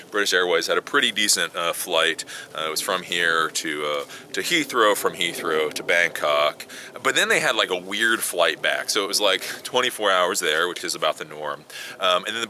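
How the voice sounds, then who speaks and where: A man with a low-pitched but very bright, forceful voice chats casually to camera. He swings widely in pitch as he tells a story and throws in the odd swear word. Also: a little hiss or hum. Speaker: tech video host. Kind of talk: casual chat.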